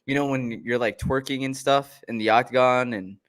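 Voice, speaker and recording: A man's voice: mid-range voice, steady tone, normal speed, fairly bright tone, clean tone. A man co-hosting a casual chat show, easygoing and jokey, steering the run-through. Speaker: podcast co-host.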